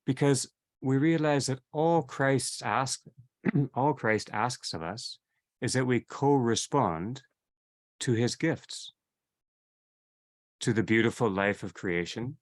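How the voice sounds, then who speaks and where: A man leading a theology seminar in a reflective, unhurried way, often repeating and rephrasing his phrases as he teaches. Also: medium pitch. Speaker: seminar leader.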